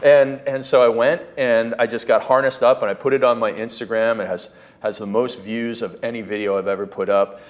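A man talking as a podcast guest, telling stories in a lively way and acting out what he and others said. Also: mid-range voice, a little fast, few pauses. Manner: animated, acts out his own quotes and screams. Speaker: podcast guest, entrepreneurship coach. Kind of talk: casual interview storytelling.

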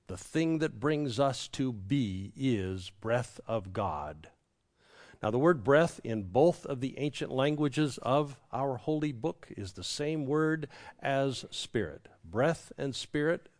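A man preaching a reflective sermon, with a repeating cadence and a quiet hush on key words. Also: medium pitch. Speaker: pastor.

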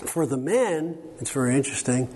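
A middle-aged man teaching a workshop on counseling to a live audience. He talks in an animated, joking way and quizzes the listeners with questions. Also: medium pitch, brisk. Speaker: workshop speaker on biblical counseling. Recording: long hall reverb, faint background noise.

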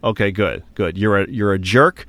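A man's voice: fairly low pitch, moderate pace, a bit bright, no echo. A man hosting and producing a casual podcast, teasing his co-host and wrapping up the show.

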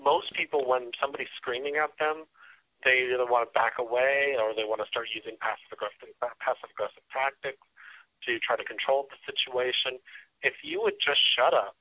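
A man talking earnestly as a radio guest, often restarting and filling pauses as he explains his ideas. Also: medium pitch, pushed and bright, no echo. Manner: earnest, with frequent restarts and fillers. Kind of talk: casual interview talk. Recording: dull lo-fi radio sound.

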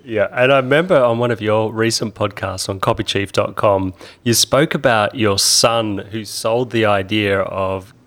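A man with a fairly low voice co-hosts a podcast. He draws out his guest with friendly questions and short agreements. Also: normal speed, few pauses, a bit bright. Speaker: podcast co-host. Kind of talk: conversational interview.

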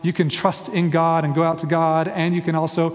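A man's voice: a little high, level tone, fairly quick, in a large hall. A man preaching a sermon in an earnest, conversational way, often hedging with fillers. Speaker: pastor.

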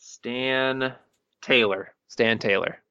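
A man's voice: mid-range voice, fairly even intonation, drawn-out words, bright, forceful tone, smooth, highs cut off. A man co-hosting a podcast in casual chat, easygoing and a bit hesitant when he recalls answers. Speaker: podcast co-host.

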